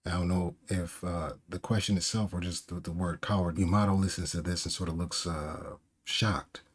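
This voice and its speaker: A man's voice: deep voice, steady tone, normal speed. A man hosting a casual reaction channel, reading aloud and commenting in a chatty way. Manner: chatty, laughs often, restarts words. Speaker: manga reaction channel host.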